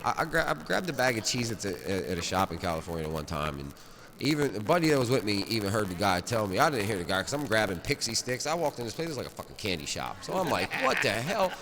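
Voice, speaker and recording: A man telling a long, profane story in a rambling, animated way, often laughing at himself. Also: fairly low pitch, quick pace, background noise. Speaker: storyteller at a cannabis rally. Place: large stone rotunda, indoors. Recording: echoey rotunda with crowd.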